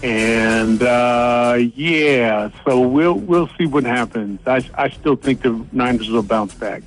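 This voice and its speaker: A man's voice: medium pitch, takes it slowly, soft background music. A man on a casual sports radio panel, thinking aloud and hesitating before making his picks.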